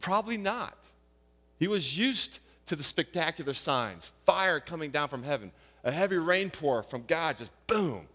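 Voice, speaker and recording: A man preaching a sermon, rising loud and high on his questions and dropping soft and low for quiet passages. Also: expressive, moderate pace, in a large hall. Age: young adult or middle-aged, a father of young kids. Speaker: pastor.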